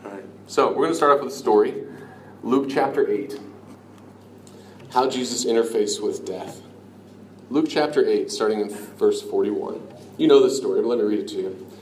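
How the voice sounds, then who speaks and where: A man preaching a sermon in an earnest, conversational way, dropping to a hush on key lines. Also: fairly low pitch, normal speed, pauses often. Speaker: pastor. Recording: echoey room with faint ambient noise.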